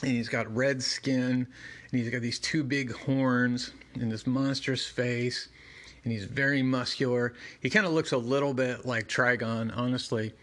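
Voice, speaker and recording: A man's voice: mid-range voice, fairly even intonation, a little slow, fairly bright tone. A man casually narrating and commenting on a comic book, conversational with fillers and side remarks. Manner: conversational, many fillers and asides. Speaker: comic book reviewer and reader.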